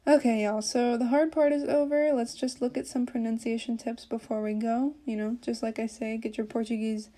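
A woman's voice: a little high, steady tone, moderate pace, warm tone. A woman hosting a podcast, giving a casual Portuguese lesson with lots of fillers as she explains. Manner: chatty, explains with many fillers. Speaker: podcast host teaching Portuguese.

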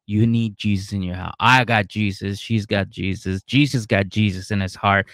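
A man voicing an excitable, preachy middle-aged father, loud and swearing. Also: lowish voice, normal speed, no room sound, clean studio sound.

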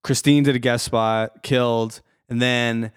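Smooth-voiced man chatting about comedy. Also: mid-range voice, fairly even intonation, a little slow, dry recording, studio quality. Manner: laughs often, swears, repeats words. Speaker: stand-up comic. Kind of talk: casual podcast chat.

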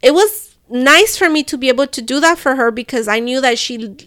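Fast-talking, profane woman. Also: high-pitched, no echo, clean studio sound. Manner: animated, profane, mixes Spanish phrases. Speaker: podcast co-host. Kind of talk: casual storytelling chat.

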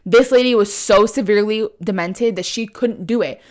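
A young woman tells a story casually on a chat show in a mid-range voice at a moderate pace. She swears often, leans heavily on "like," and brings other people's lines to life with lively quoting.

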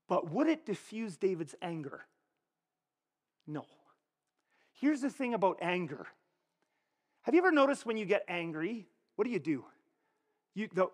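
Male pastor, pitched high, chatty sermon delivery with long hall reverb. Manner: animated, conversational preaching with frequent rhetorical questions. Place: church.

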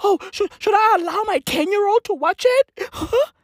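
A young man giving a loud, profane comic rant, full of slang and shouting. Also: extremely high pitch, normal speed, no room sound, clean studio sound. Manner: loud, animated, slangy, swears a lot. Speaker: vlogger.

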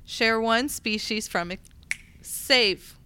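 A young woman teacher chatting casually on a podcast, pausing to think and laughing easily. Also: on the high side, bright, forceful tone, slight background noise. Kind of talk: casual chat.

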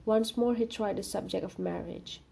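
A woman reading a short story aloud in a calm, measured narration. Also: medium pitch, vocal fry, husky. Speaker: reader.

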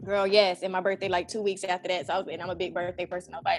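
A woman in her thirties telling a personal story in casual conversation, animated and acting out her own prayers with lots of "you know". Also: on the low side, very fast, hardly any pauses, soft background music. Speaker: event organizer and guest.

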